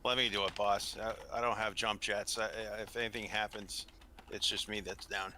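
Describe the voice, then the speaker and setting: A man's voice: on the low side, level tone, moderate pace, pushed and bright, slight background noise. A man playing a tabletop game, chatting casually and stumbling over his words. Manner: hesitant, repeats words. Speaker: player.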